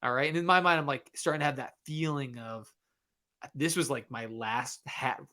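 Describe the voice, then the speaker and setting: A man of ordinary middle pitch speaks into a podcast mic as a guest, spinning a casual story. He is animated, switching readily into the voices of the people he describes. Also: moderate pace. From Michigan. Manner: animated, re-enacts dialogue. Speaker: guest author.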